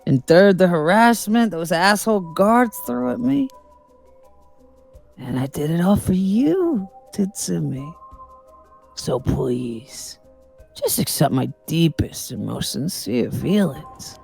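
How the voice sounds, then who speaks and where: A woman's voice: lowish voice, animated, slow pace, gravelly, darkish tone, soft background music, exaggerated voice. A woman voicing a bitter, vengeful male ex-convict while reading game dialogue, snarling, taunting and swearing. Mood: menacing.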